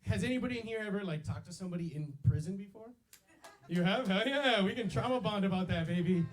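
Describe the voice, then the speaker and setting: A man's voice: sits high, quick pace. A man in his twenties doing a stand-up set on a club stage into a handheld mic, loose and slangy, throwing in yo and baby. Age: 20s. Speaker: stand-up comedian.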